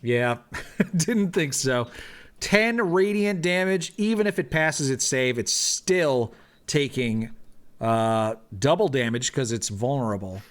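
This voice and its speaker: A man's voice: mid-range voice, lively intonation, slow. A man runs a tabletop game, explaining rules and calling hits. His voice rises and falls a lot, and he laughs easily. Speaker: game master.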